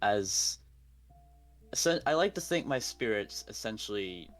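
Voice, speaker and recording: A man's voice: on the low side, sing-song, unhurried, faint music behind, rough recording. A man playing in a tabletop game over an online call, casually describing what his character does and feels, with frequent "like". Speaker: player.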